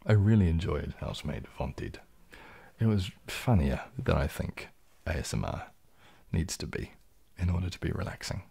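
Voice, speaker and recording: Deep, husky New man. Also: expressive, normal speed, mellow. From New Zealand. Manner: reads viewer comments aloud and answers them in a low, laid-back way. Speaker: ASMR streamer. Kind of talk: casual live-stream chat, soft-spoken.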